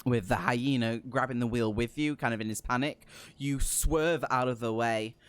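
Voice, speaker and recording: A man's voice: mid-range voice, moderate pace, clear, resonant tone. A man narrating a tabletop game as game master, hesitant with many fillers.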